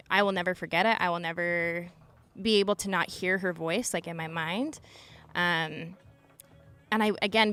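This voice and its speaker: A woman's voice: lowish voice, a bit bright. A woman in her thirties from Utah, a former emergency dispatcher, earnestly recounting a tense story as a podcast guest, with frequent "like" fillers. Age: 30s. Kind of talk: personal storytelling in a podcast interview.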